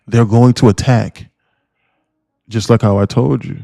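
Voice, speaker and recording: A man giving live day-trading commentary on a stream, talking in an animated, emphatic way that keeps repeating and restarting phrases. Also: mid-range voice, slow, vocal fry, pauses often, no room sound, clean studio sound.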